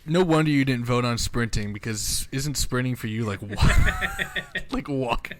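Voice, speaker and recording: A man's voice: mid-range voice, measured pace, a little hiss or hum. A man co-hosting a casual podcast, joking in a crude, laid-back way. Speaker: podcast co-host.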